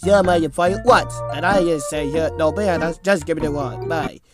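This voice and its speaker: A man with a somewhat high voice rambles through an improvised cartoon voice-over. His talk is playful and jumbled, with clear music playing behind him. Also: normal speed.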